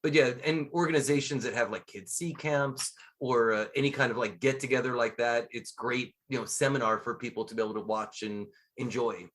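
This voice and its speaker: A man guesting on a podcast, chatting casually and telling stories with a lively manner and frequent laughs. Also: medium pitch, a little fast, few pauses. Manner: lively storyteller, laughs often. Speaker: guest, scuba instructor and magician. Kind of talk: casual interview chat.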